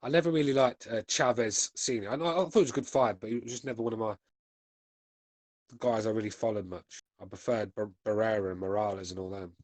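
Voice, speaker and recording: This podcast host, a man in his forties from the UK, has a lowish, slightly mellow voice and talks a little fast, recorded without echo. Going through the chat, he responds bluntly and swears freely.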